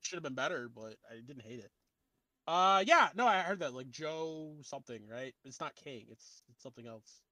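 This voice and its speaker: Male podcast host, bright and animated, quick to laugh. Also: fairly high pitch. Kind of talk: casual chat.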